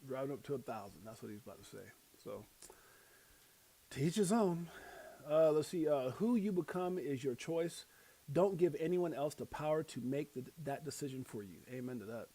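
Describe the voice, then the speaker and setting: A man's voice: a little high, expressive, moderate pace, mellow. A man hosting a casual live stream, rambling and self-deprecating, using slang as he reads quotes and headlines. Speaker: livestream host.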